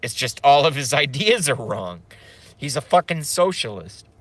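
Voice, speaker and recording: Bright-voiced man ranting on a livestream. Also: mid-range voice, sing-song, normal speed, no room sound. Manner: rambling, profane, emotional; reads chat comments aloud. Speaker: livestream host. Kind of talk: casual livestream rant.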